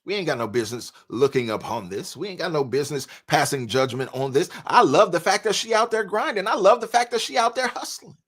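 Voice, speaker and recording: A man's voice: on the high side, expressive, brisk, few pauses, a bit bright. A man hosting a live stream, reacting to a video and talking to viewers in a casual, preachy way, stopping now and then to laugh. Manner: conversational, preachy asides, laughs between points. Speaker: commentary live-stream host.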